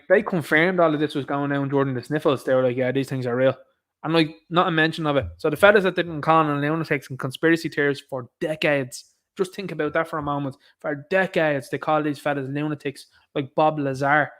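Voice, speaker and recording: Indignant Irish man ranting, higher voice. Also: fairly bright tone. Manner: indignant, sarcastic, reads headlines aloud then riffs. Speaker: commentary podcast host. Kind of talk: casual ranting commentary.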